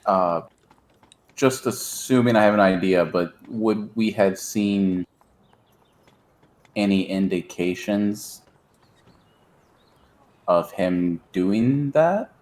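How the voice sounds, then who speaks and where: A man in a casual tabletop role-play over voice chat, speaking calmly and drily in character. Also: on the low side, takes it slowly, pauses often. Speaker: player.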